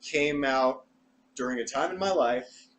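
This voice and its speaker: A young man co-hosting a podcast in casual chat, animated and expressive, jumping between thoughts. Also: medium pitch, measured pace. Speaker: podcast co-host.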